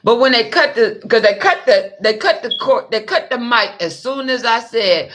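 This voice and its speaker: A woman's voice: on the high side, lively intonation, normal speed, a bit bright. A young adult woman telling a personal story in a rambling, emotional, profane way. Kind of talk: casual monologue.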